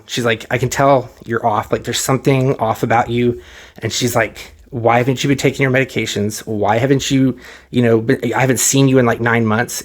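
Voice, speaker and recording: A man speaks quickly into a microphone at home, telling his viewers a personal story in a loose, rambling way. He keeps restarting his sentences and retells what others said to him, his voice emotional at times. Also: mid-range voice. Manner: rambling, many fillers and restarts, retells dialogue; emotional, close to tears at moments. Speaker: vlogger. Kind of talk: casual personal story to camera.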